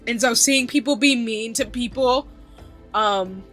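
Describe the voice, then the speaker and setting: A woman's voice: fairly high pitch, a little slow, a bit bright, faint music behind. A woman streamer talking earnestly to her chat in a casual gaming stream, her voice choking up with tears. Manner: earnest, talks straight to her chat, many fillers. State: tearful, voice choking up.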